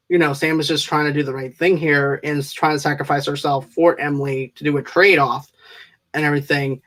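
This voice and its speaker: A man's voice: a little high, fairly bright tone. A man co-hosting a casual film review podcast, recapping plot scenes in a rambling, enthusiastic way with plenty of fillers. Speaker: movie reviewer co-host.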